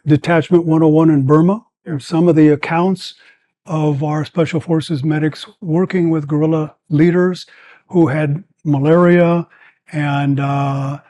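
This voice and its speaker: An older man in his seventies tells long stories as a podcast guest. He rambles with plenty of fillers but stays animated, in a voice that sits a bit high for a man. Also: unhurried, no room sound. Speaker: guest, former combat medic. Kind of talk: storytelling in a podcast interview.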